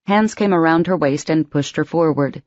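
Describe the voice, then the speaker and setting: A woman narrating an audiobook in a steady, expressive storytelling voice. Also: low-pitched, normal speed, dry recording, dull audio. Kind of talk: scripted narration.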